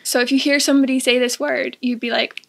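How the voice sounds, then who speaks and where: A woman's voice: sits high, little pitch movement, fast, creaky, fairly bright tone, slight background noise. A young woman with a Dundee Scottish accent, co-hosting a podcast in casual, matter-of-fact talk. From England, raised in Dundee, Scotland. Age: young adult. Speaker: podcast co-host. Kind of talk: casual chat.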